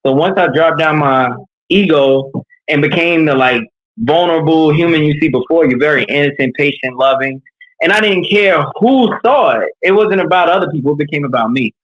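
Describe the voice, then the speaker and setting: A man's voice: fairly high pitch, normal speed, dull audio. Earnest man from New York coaching. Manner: earnest, animated storytelling. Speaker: leadership coach. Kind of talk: candid conversational interview.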